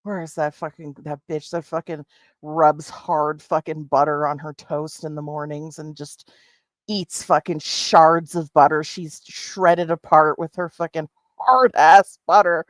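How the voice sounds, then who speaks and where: A woman's voice: deep voice, fairly even intonation, a little slow, dry recording. Woman, reaction streamer, casual swearing, frequent laughter, dry close mic. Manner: laughs a lot, swears, talks to chat.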